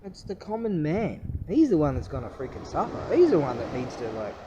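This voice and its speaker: A man's voice: on the high side, big pitch swings, a little fast, highs cut off, noisy background. Profane rambling man ranting. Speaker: vlogger. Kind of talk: casual political rant.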